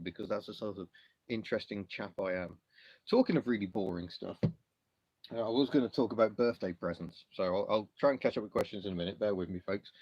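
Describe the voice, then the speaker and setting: A man's voice: mid-range voice, no room sound, dull audio. A man from England hosting a car livestream, reading out and answering viewer questions in a chatty, self-deprecating way with lots of ums. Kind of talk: casual live chat reading comments.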